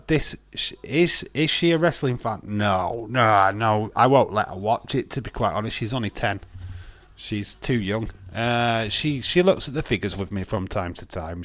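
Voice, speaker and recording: A man's voice: lowish voice, a bit bright, no echo. A man chatting casually on a wrestling watch-along stream, rambling and blunt, with frequent laughs. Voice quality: rambling, blunt, repeats words, laughs often. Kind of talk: casual live-stream chat.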